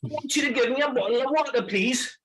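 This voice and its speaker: A man's voice: very high-pitched, quick pace, fairly bright tone, recorded from a distance, pitched above the performer's own voice, low-quality recording. A man putting on a polite male hotel manager with a British accent who drops his final R's.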